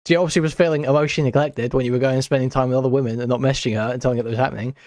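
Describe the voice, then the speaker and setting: Man, mid pitch, quick sarcastic stream commentary, dry sound. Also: steady tone, darkish tone, no echo. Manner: sarcastic, incredulous. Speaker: streamer co-host. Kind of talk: casual reaction commentary.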